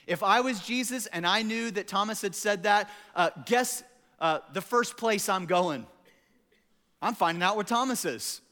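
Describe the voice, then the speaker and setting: A man's voice: high-pitched, measured pace. A man preaching as a pastor, telling stories animatedly and acting out quotes for laughs. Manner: animated, jokey storytelling with acted-out quotes. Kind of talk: sermon. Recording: echoey hall.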